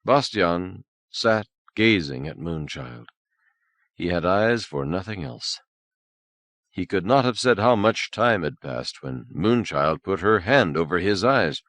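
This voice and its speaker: A man narrating an audiobook novel in a lively, expressive read, with soft, hushed character lines. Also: deep voice, slow, dry recording. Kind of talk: scripted narration. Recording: old cassette audiobook, dry.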